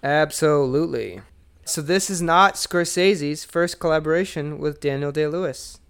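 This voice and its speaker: A man's voice: a little high, normal speed, creaky, a bit bright, clear, resonant tone. A man co-hosting a casual movie podcast, joking and reading out trivia questions. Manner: runs trivia quizzes, joking. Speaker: podcast co-host.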